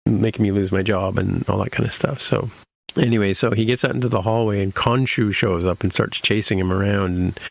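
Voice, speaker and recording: A man's voice: fairly low pitch, fairly even intonation, brisk, vocal fry, dry recording. A man hosting a podcast, recapping a TV episode in casual chat, rambling with many restarts and fillers. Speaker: podcast host.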